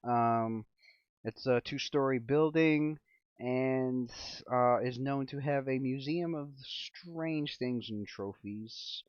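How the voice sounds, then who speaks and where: Male game master, slow and halting, dry lo-fi sound. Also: medium pitch, clean tone, dry recording. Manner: halting, with many fillers. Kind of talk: narrating a tabletop game.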